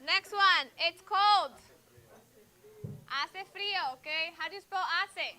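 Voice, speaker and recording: A woman's voice: extremely high pitch, slow pace, pushed and bright. A woman teaching a Spanish class in a school classroom, drilling students on phrases and patiently correcting their answers.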